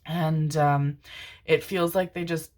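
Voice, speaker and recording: A woman's voice: low voice, steady tone, slow, a little mellow. A woman giving a casual tarot reading to her viewers, rambling and emotional, calling them pet names and swearing casually. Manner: tender, calls listeners pet names. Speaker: tarot reader.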